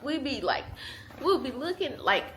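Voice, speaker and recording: With a high-pitched voice, big pitch swings, and normal speed, a woman in her twenties chats straight to her viewers as a mom vlogger. She's candid, chatty, and laughs a lot, recorded on a small handheld camera with slight background noise.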